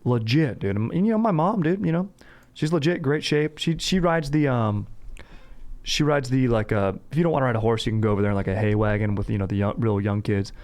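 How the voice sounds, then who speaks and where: A man's voice: mid-range voice, a little fast, a little mellow. A young man hosting a podcast in laid-back, slangy casual chat, peppering his talk with "dude". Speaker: podcast host.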